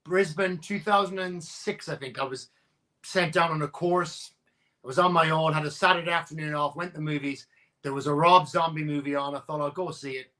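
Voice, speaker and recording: A man's voice: a little high, steady tone, brisk, sharp tone. A man co-hosting a live stream from home, chatting casually about movies, swearing freely and teasing. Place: home setup.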